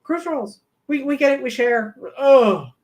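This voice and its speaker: A middle-aged woman co-hosting a travel live stream, telling stories in a lively, animated way and acting out the people she quotes. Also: a little slow. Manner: animated, acts out quoted voices with big pitch jumps. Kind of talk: casual storytelling chat.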